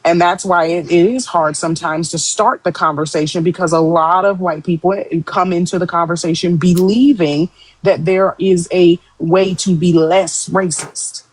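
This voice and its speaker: A woman's voice: fairly low pitch, steady tone, normal speed, low-quality recording. A woman hosting a live-stream discussion, explaining her view firmly and at length. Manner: firm, emphatic, explains at length. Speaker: host.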